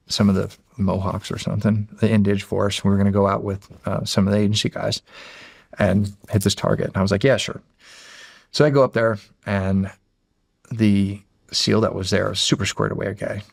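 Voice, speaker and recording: A deep, gravelly man from Pennsylvania recounts his experiences in a loose, conversational way. He swears often and trips over restarts. His voice sounds close and dry, with no room echo. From Erie, Pennsylvania. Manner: rambling, profane, restarts phrases, acts out quoted dialogue. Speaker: guest, former Navy SEAL. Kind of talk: casual interview storytelling.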